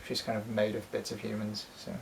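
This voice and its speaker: Speaking a little fast in a fairly low, monotone voice with vocal fry, the doll collector and co-host rambles through his collection at home with many ums and constant swearing. Slight background noise sits under a low-quality recording.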